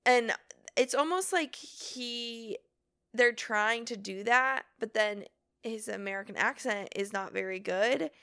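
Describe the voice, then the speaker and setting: A young woman co-hosting a podcast, chatting in a lively way and acting out quoted lines as she goes. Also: a little high, smooth, no room sound, clean studio sound. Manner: chatty, animated, quick quoted asides. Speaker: podcast co-host. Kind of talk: casual chat.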